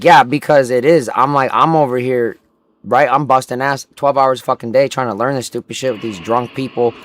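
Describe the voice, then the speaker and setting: A man's voice: medium pitch, a bit bright. A young man in his twenties, a gaming livestreamer, telling a long story in casual chat, swearing heavily and acting out what the people in it said. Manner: profane, ranting, acts out quoted people.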